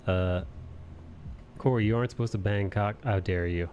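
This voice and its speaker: Male host, low voice, crude casual banter, quick to laugh. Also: a little mellow, muffled recording, slight background noise. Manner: crude, profane and laughing easily. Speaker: host of an art live stream. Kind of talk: casual chat.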